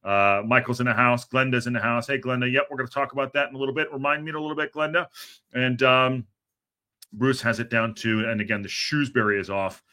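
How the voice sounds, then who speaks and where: Tired, bright-voiced man hosting a livestream. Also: medium pitch, fairly even intonation, fast talker. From Southern California. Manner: hesitant, many fillers, reads chat aloud. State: tired, low energy. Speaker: host of a football news livestream. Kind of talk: casual livestream chat.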